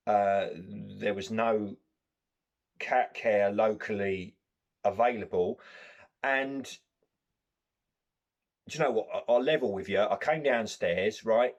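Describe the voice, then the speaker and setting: Man rambling through a comic monologue. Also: on the low side. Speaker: comedy host.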